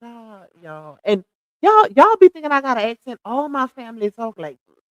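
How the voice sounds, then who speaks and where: Middle-aged woman, livestream host, sassy and quick to laugh, fairly high voice, dry close sound. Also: very animated, no echo, highs cut off. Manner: sassy, laughs often, drawls slang. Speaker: livestream host reading chat comments. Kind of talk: casual live-stream gossip chat.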